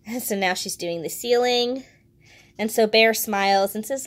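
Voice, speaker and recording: Woman, book reviewer, enthusiastic, expressive, slightly high voice. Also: a little slow. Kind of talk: picture book review, reading aloud.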